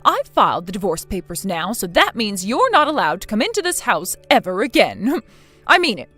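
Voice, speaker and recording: A woman voicing a spiteful, domineering older mother-in-law in a scripted text-message drama, scolding harshly and loudly. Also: medium pitch, big pitch swings, moderate pace, dry recording, soft background music.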